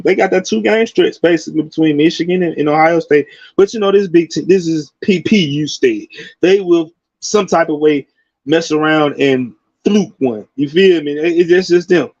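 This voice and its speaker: A fired-up man in his forties talking college football, his voice riding high. The sound is dry and a bit dull, with no room around it. He talks in slang and keeps jumping into loud outbursts. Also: no echo. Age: 40s. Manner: animated, slangy, loud bursts and laughing asides. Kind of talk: casual sports commentary.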